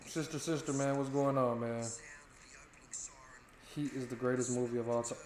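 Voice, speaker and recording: A man's voice: mid-range voice, steady tone, normal speed, a little mellow, slight background noise. A young American man chatting casually and jokingly with viewers on a live stream, swearing freely as he goes. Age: young adult. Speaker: stream co-host. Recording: roomy echo.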